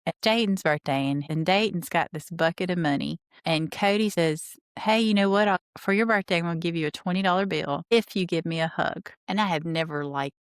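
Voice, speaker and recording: A woman's voice: low voice, fairly quick, few pauses, clear, resonant tone, dry recording, clean studio sound. A woman podcast host casually recapping a reality show, retelling scenes and quoting the people in them, with blunt, opinionated asides.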